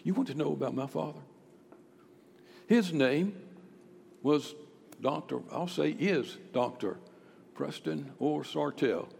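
A man preaching a sermon with impassioned delivery, dropping to a hush and then rising loud again. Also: on the high side, takes it slowly, creaky, long pauses, slightly rough. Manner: impassioned, swings between hushed and loud. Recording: echoey hall with long reverb.

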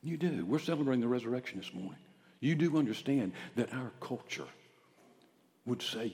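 A male pastor preaching a sermon, swinging from loud, ringing declarations down to hushed near-whispers. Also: medium pitch, expressive, normal speed, in a large hall. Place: church sanctuary.

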